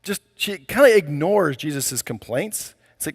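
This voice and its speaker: A pastor delivers his sermon in a relaxed, conversational way, with plenty of casual fillers. His voice sits a little high for a man. A long reverb hangs after each phrase. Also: unhurried, vocal fry, husky.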